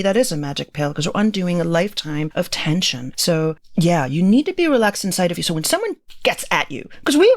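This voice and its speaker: A woman communication coach, a guest in an interview, explaining and coaching in a clear teaching manner. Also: low-pitched, no room sound. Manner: explanatory, coaching, demonstrates intonation. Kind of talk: interview guest giving advice.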